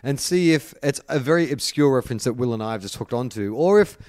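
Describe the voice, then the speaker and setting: A man's voice: medium pitch, fast talker, dry recording, clean studio sound. An Australian man co-hosting a sports podcast, joking and swearing in casual chat. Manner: playful, swearing, lively intonation. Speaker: podcast co-host.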